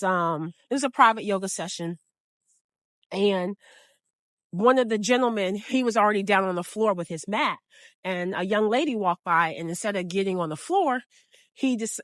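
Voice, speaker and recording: A woman yoga teacher casually sharing stories from her classes in a chatty, animated way. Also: medium pitch, no echo, clean studio sound. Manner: warm, chatty, animated storytelling. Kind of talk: casual storytelling vlog.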